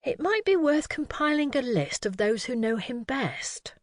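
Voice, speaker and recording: Careful middle-aged lady detective, a woman reading her, measured, lively up-and-down pitch. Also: dry recording, studio quality. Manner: measured and cautious.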